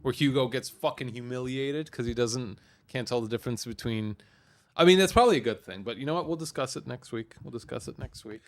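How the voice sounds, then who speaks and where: A man's voice: mid-range voice, fairly quick. A man co-hosting a live podcast, laid-back and teasing, swearing casually. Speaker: podcast co-host. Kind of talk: casual chat.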